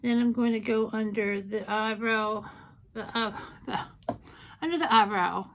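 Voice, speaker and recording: A woman makeup vlogger with a slightly high voice, talking through a tutorial at an unhurried, drawn-out pace. She gushes over every shade and slips in playful asides. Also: slight background noise. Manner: chatty, gushing, jokey asides. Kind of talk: casual makeup tutorial with swatches.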